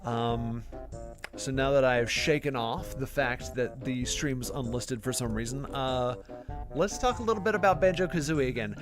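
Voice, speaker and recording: A man's voice: mid-range voice, moderate pace, over music. A man hosting a live gameplay stream, chatting casually in a rambling, self-deprecating way with plenty of fillers. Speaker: gaming channel host.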